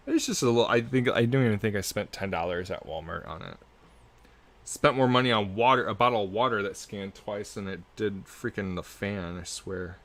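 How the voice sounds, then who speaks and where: A man's voice: fairly low pitch, moderate pace, fairly bright tone. A young man chatting casually and rambling while he draws live at home, speaking close into a good desk mic. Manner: rambling, self-deprecating, chatty with filler words. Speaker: artist drawing live. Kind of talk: casual live-stream chat while drawing. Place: hot room at home.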